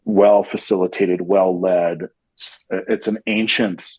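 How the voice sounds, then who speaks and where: A man talks in a relaxed, rambling way, often restarting his sentences. His voice sits low and sounds husky. It is recorded close and dry, with no room sound. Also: slow, no echo, low-quality recording. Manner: rambling with frequent restarts and fillers. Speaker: podcast guest, CEO. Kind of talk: casual conversational interview.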